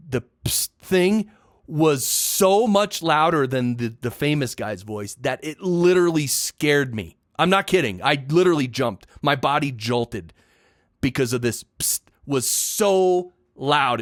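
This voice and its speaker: A man's voice: fairly high pitch, no echo, studio quality. Opinionated man ranting on a podcast. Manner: opinionated, emphatic ranting with repetitions. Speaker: podcast host. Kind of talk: casual solo podcast monologue.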